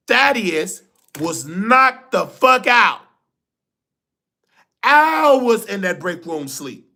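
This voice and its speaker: A man with a high, bright voice and a gravelly edge hosts a live stream. He tells a personal story in loose, colloquial talk, animated and full of feeling. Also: slow. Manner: animated, colloquial, emotional retelling. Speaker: livestream show host.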